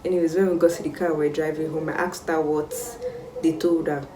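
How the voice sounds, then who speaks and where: Animated Nigerian woman, roomy distant sound. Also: low voice, a little fast, a crowd in the background. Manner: animated, exclamatory storytelling. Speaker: vlogger. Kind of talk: casual storytime chat. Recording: roomy sound, mic set back.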